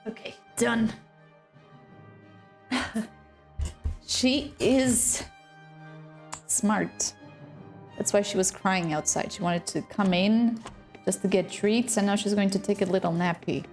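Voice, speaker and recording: A woman's voice: medium pitch, takes it slowly, long pauses, darkish tone, soft background music. A woman chatting casually while streaming a game from home, talking to her chat and pets. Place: home room.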